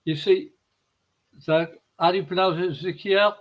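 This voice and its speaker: A middle-aged man giving a gentle, rambling, affectionate spiritual reading on a live stream. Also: sits high, fairly even intonation, normal speed, low-quality recording. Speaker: psychic reader and co-host.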